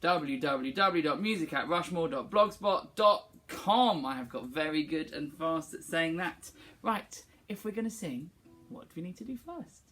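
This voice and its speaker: A woman music teacher leading a singing assembly for young children, cheerful and encouraging as she calls out warm-ups for them to copy. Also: low-pitched, animated, measured pace.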